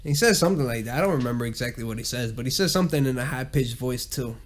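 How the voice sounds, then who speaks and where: A man's voice: medium pitch, animated, racing. A man hosting a casual solo podcast, rambling and cursing a lot and laughing at his own jokes. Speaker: podcast host.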